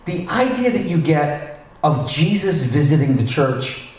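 A male pastor preaching a sermon in a conversational, animated way, with asides and restarts. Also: on the high side, measured pace. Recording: echoey hall, distant mic.

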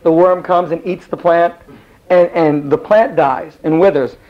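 A man with a slightly high voice teaches a Bible class at a measured pace, telling stories in a loose, rambling, animated way and acting out each character. The recording is dull and lo-fi.

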